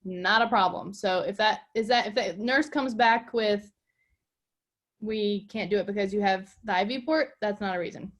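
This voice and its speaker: A woman's voice: medium pitch, moderate pace. Emphatic woman doula telling stories. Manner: lively, emphatic storyteller. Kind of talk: casual group chat.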